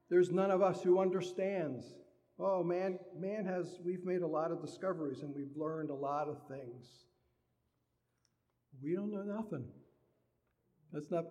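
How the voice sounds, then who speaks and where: Preacher in a reverberant hall. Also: male voice, fairly high pitch, dark tone. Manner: conversational preaching, acts out everyday dialogue. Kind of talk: sermon.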